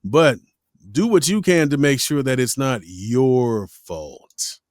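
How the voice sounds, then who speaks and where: Taking it slowly in a mid-range voice without echo, a man hosts a casual chat about voice-over sessions. He's lively, voicing the quoted studio exchanges in assorted characters while he tells stories.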